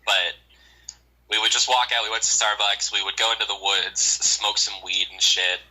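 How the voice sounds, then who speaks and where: A young man chats casually, with a husky, edgy voice that sits a little low. He tells long, rambling stories thick with swearing and filler words. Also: little pitch movement, normal speed, sharp tone, poor audio. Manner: rambling, profane storytelling with many fillers. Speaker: storyteller on a call show. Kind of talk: casual chat.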